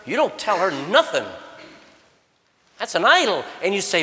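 A middle-aged man preaching a sermon to young people at a camp, animated and swinging from low murmurs to loud exhortation. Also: unhurried. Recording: long hall reverb.

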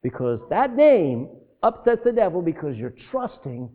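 A pastor preaches a sermon in a high voice with wide pitch swings, very animated at normal speed. He poses rhetorical questions to the congregation and breaks into asides, and the sound is tinny and narrow, like it's coming over a phone line.

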